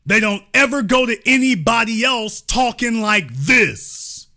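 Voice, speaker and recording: A man's voice: extremely high pitch, lively intonation, unhurried, pushed and bright. A man hosting political commentary, talking in a sarcastic, indignant, heated way. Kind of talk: opinion commentary.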